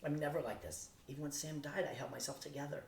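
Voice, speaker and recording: A man voicing an anxious teenage girl, halting and breathless, close to tears. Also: steady tone, close to an everyday voice. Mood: shaken. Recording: roomy distant recording, faint rumble.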